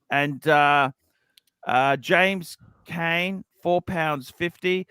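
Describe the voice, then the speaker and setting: A man's voice: on the high side, steady tone, slow, sharp tone, clear, resonant tone, no echo. A man hosting a casual livestream, reading out donations and rambling with many restarts. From Australia. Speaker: livestream host.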